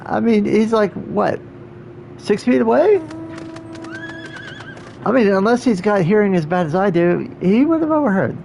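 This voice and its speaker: A man's voice: high-pitched, expressive, a little slow, gravelly, long pauses, darkish tone, a little hiss or hum. A man streaming a game, making wry, joking asides in casual commentary.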